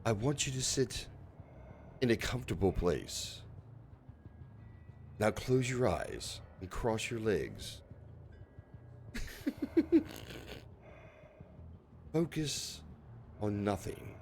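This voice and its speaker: Hushed, soothing male meditation guide, voice dropped low and soft, as a streamer puts him on. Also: big pitch swings, gravelly, a little hiss or hum, heavily acted. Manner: slow, hushed, deliberate instructions.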